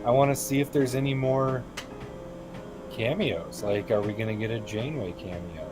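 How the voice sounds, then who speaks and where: A man co-hosting a casual chat, giving brief, measured opinions. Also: mid-range voice, steady tone, music in the background. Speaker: podcast co-host.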